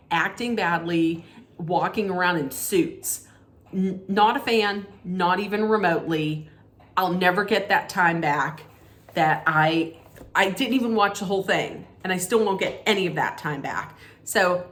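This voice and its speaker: Slow-talking blunt woman vlogger. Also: fairly low pitch, a bit bright. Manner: blunt, frank, laughs and restarts often. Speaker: vlogger giving mock movie awards. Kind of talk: casual opinionated vlog talk.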